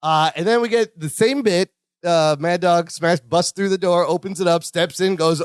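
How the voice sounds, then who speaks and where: A man with a high voice co-hosting a casual podcast, narrating sitcom scenes with amused laughter. The recording is close and dry, with no room echo. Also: moderate pace, clear, resonant tone. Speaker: podcast co-host. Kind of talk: casual chat recapping a sitcom episode.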